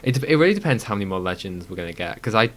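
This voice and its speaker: A man's voice: fairly low pitch, big pitch swings, racing, fairly bright tone. A man co-hosting a casual gaming podcast who thinks aloud, hedging with frequent ums. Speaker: podcast co-host.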